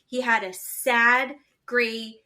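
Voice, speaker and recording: A woman with a bright, higher-pitched voice talks through a reality-show episode with her co-host. Her tone is blunt and gossipy, and she trades frank opinions in loose, casual podcast chat. She acts out what the people on the show said. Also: takes it slowly. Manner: blunt, gossipy, animated retelling with quoted voices.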